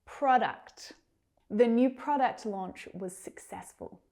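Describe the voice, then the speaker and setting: A woman teaching English pronunciation, saying words slowly and carefully with drawn-out enunciation, then using them in example sentences. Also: a little high, expressive, mellow. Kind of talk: pronunciation lesson.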